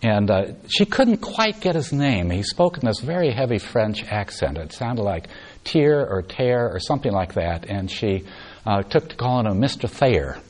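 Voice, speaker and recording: A meditation teacher giving an evening talk on retreat. His voice sits on the low side, and he tells his story softly and without rush. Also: very animated, normal speed.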